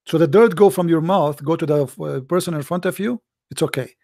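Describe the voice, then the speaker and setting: A man's voice: fairly high pitch, brisk, creaky, a little mellow, no echo, studio quality. A man hosting a religious debate call, talking in a sarcastic, mocking way and pressing his questions. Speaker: host of a debate call-in show.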